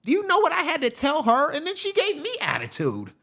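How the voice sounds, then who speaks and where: A man's voice: wildly swooping pitch, brisk, vocal fry, bright, forceful tone, exaggerated voice. A man voicing a boastful male airport security agent who complains indignantly and gossips about travelers. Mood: indignant bragging. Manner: indignant, gossiping, high-pitched.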